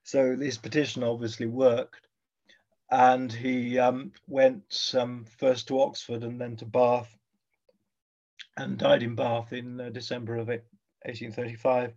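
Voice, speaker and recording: A man talks as a guest expert in an interview, musing and pausing often as he thinks aloud. His voice sits in a middle register. The recording sounds a little dull and lo-fi. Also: medium pitch, little pitch movement, a little mellow. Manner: thoughtful, hesitant, with frequent fillers. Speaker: guest historian. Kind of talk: conversational interview.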